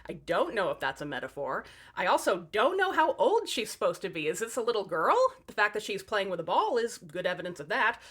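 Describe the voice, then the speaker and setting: A woman's voice: mid-range voice, big pitch swings, a little fast, fairly bright tone, husky. A woman telling fairy tales in a comic narration, with sarcastic, wry asides to the audience. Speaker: storyteller.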